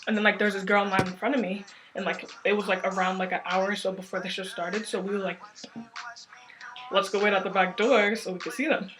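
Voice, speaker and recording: A young woman telling a story to her camera in a casual, rambling way, excitedly piling up "like" as she goes. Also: mid-range voice, fast, music in the background. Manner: excited, rambling, heavy use of filler "like". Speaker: vlogger.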